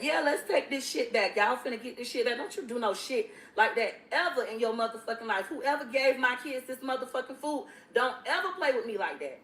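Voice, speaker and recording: A woman's voice: a little high, expressive, fairly quick, fairly bright tone. A mother ranting angrily and profanely on a livestream. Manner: profane, furious, confrontational. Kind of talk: angry livestream rant. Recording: echoey room.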